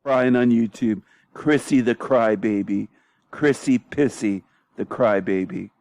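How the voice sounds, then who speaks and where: A man's voice: mid-range voice, unhurried, darkish tone, no room sound. Taunting, profane male stream host. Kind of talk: commentary stream.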